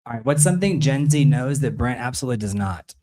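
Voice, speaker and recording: A man's voice: medium pitch, lively intonation, quick pace, warm tone. A middle-aged man hosting a casual panel chat, rambling and restarting his sentences. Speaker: show host.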